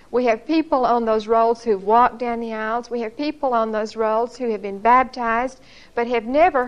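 A woman's voice: a little high, lo-fi sound. A middle-aged woman teaching a Bible study lesson in a church, explaining earnestly and asking her listeners to recall past lessons.

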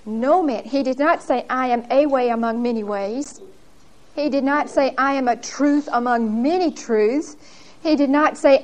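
A woman with a high voice leads a Bible study in a church. She teaches emphatically and with animation, and laughs at herself as she tells her stories. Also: normal speed.

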